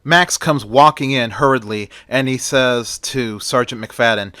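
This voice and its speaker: A man narrates his own fan story in a plainspoken, run-on way, joining events with "and then." His voice is bright. The recording is dry and close. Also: medium pitch, a little slow, hardly any pauses, clear, resonant tone, no room sound.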